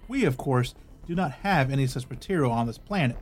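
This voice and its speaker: A man's voice: mid-range voice, animated, brisk, faint music behind. A man hosting a podcast, reading an article aloud and breaking in with casual asides and small restarts. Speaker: podcast host.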